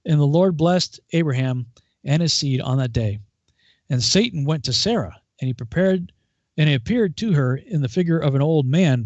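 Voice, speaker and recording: A man's voice: a little high, no echo. Man reading scripture, dull lo-fi sound. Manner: steady measured reading with small restarts. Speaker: Bible study host.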